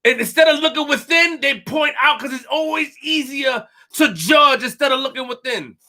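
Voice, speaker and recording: Hosting an animated live stream, a man with an extremely high, bright voice talks at normal speed in a forceful, lively way. He's emphatic, repeats himself, and speaks straight to his chat.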